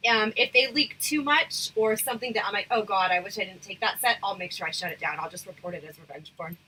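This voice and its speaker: A woman hosting a casual livestream chat, talking frankly and rambling with lots of fillers, her voice going hoarse. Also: medium pitch, quick pace, pushed and bright, slight background noise, poor audio. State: losing her voice, throat irritated. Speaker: livestream host.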